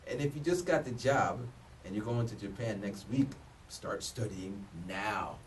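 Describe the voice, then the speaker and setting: A man's voice: fairly low pitch, unhurried. A man in his thirties giving casual advice to the camera, loose and joking, often restarting his sentences. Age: 30s. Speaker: vlogger giving job advice. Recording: voice a bit distant from the mic, faint room noise.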